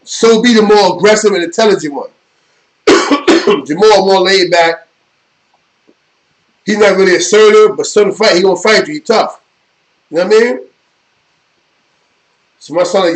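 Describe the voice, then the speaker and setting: A man's voice: high-pitched, moderate pace, long pauses, low-quality recording. A middle-aged man, hosting a live stream and telling rambling, profane street stories in casual chat. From New York. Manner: rambling, profane street storytelling with repeated "you know what I mean". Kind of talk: casual storytelling.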